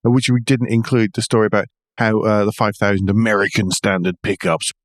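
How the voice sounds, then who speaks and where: A man's voice: fairly low pitch, flat delivery, fairly quick, dry recording, clean studio sound. A man hosting a car news podcast, joking and teasing his co-host. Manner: teasing, jokey. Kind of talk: casual chat about car news.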